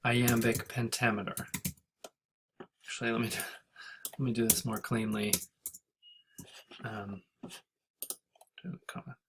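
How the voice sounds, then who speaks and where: A man's voice: medium pitch, level tone, slow pace, long pauses, background noise. A man teaching a class, talking through a screen-recorded lecture and thinking aloud as he goes, with fillers and self-corrections.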